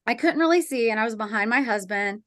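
A woman guest on a podcast, telling a personal story in a lively way and acting out the voices in it. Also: on the high side, fast talker, slight background noise.

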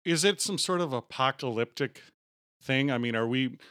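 A man's voice: medium pitch, lively intonation, normal speed, fairly bright tone, dry recording, clean studio sound. Man with a mock-grandiose announcer delivery. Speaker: podcast co-host. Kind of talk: comedic podcast banter.

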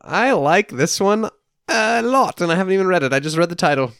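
A man's voice: high-pitched, animated, brisk, creaky, fairly bright tone, smooth, no room sound, clean studio sound. A man co-hosting a casual chat while playing word games, joking and playfully defensive. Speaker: co-host.

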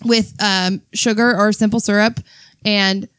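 A woman's voice: medium pitch, little pitch movement, measured pace, fairly bright tone, clean tone, no room sound. A woman co-hosting a casual chat podcast, telling a rambling anecdote and laughing often. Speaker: podcast co-host.

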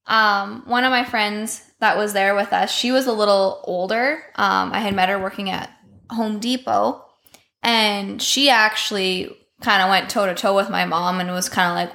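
A woman's voice: mid-range voice, fairly even intonation, moderate pace, gravelly, pushed and bright. A woman, a podcast guest telling a personal story in a candid, profane way, full of filler words. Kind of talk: casual storytelling.

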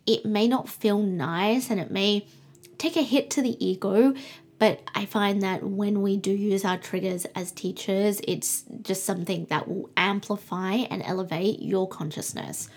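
A young woman hosting a spiritual podcast, reading cards and speaking softly and soothingly, slowing down for affirmations. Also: medium pitch, breathy edge. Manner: soft, soothing, slows down for affirmations. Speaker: podcast host.

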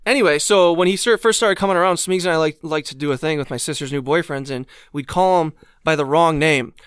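A man's voice: fairly high pitch, a little fast, a bit bright, smooth, dry recording. A man co-hosting a podcast, telling stories in a laid-back, swearing casual chat in a studio. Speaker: podcast co-host.

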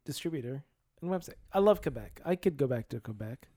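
A podcast co-host chatting casually, telling stories in an animated way and swearing freely. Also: mid-range voice, fairly quick, no room sound, studio quality. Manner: animated storyteller, swears casually, laughs often. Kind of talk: casual chat.

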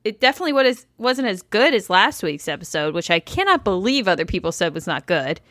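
A woman's voice: medium pitch, big pitch swings, quick pace, fairly bright tone, dry recording, clean studio sound. A woman co-hosting a podcast, chatting casually and bluntly about a reality show and swearing freely. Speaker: podcast co-host. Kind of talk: casual recap chat.

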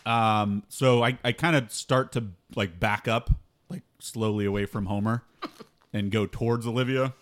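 A man's voice: lowish voice, fairly even intonation, moderate pace, a bit bright. A man playing a tabletop game, casual and hesitant, with many fillers. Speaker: player.

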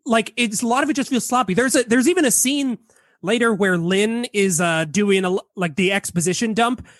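A man's voice: high-pitched, fairly quick, dry recording, clean studio sound. A man co-hosting a casual movie podcast, rambling with lots of 'like' fillers. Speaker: podcast co-host. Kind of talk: casual movie-review chat.

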